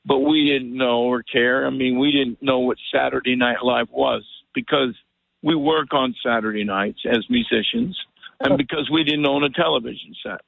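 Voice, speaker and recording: Gravelly older man on a phone line. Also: mid-range voice, moderate pace, no echo. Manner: rambling, animated storyteller who acts out quotes. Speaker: guest musician. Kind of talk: phone interview storytelling. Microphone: telephone. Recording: tinny phone line, dry.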